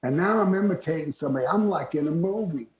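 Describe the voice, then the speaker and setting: An older man from Florida, a retired wrestler, telling lively stories as a guest and laughing often. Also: a little high, fast. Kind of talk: storytelling interview. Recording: roomy echo.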